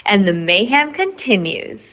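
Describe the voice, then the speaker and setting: A woman's voice: mid-range voice, sing-song, a little slow. Woman reading a promo over tinny audio. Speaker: promo reader. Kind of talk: read promo spot.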